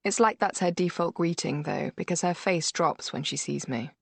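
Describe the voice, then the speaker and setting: A woman narrating a first-person thriller audiobook in a measured, steady way. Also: on the low side, vocal fry, husky, no echo.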